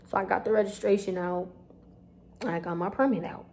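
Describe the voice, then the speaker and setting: A young woman, telling a storytime vlog straight to her viewers in an animated, chatty way. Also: mid-range voice, brisk, a little hiss or hum. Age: young adult. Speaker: vlogger.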